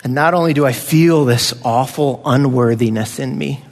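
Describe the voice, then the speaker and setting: A man's voice: mid-range voice, normal speed, creaky, big-room sound. A man preaching a conversational sermon as pastor, now and then acting out voices of children.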